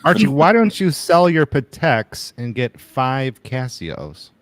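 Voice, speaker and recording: A man's voice: medium pitch, very animated, takes it slowly, no room sound. A man on a livestream, teasing the host with pointed questions. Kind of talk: casual livestream banter.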